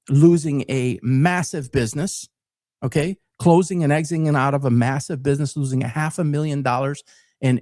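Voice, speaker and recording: A man in his fifties from Detroit with a Detroit accent, talking straight to camera in an unscripted monologue. His voice sits a bit high for a man, and he speaks earnestly and emphatically, repeating words as he builds his points. The recording is dry and close, with little room sound. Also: a little mellow, no echo. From Detroit, Michigan. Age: 50s. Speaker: sports talk show host.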